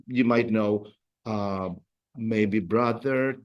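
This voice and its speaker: A man's voice: on the low side, steady tone, extremely slow, lo-fi sound. A man teaching a beginners' Spanish class in a classroom, patiently repeating words for the students to echo. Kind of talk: classroom language lesson.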